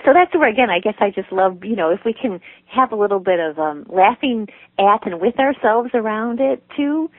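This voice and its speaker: A woman guest in a conversational interview, with a gentle, nurturing tone, telling stories and laughing easily. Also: mid-range voice, animated, normal speed, hardly any pauses, no echo. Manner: warm storytelling, laughs easily. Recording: phone-like line, dry.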